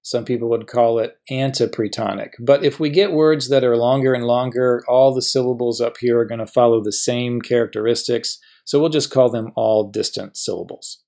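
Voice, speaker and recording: A middle-aged man gives a recorded grammar lecture at a middle pitch. He is patient and methodical, and he slows down to spell out each example word. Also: fairly even intonation, gravelly, dark tone. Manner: patient, stretches out example words slowly. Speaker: professor teaching biblical Hebrew.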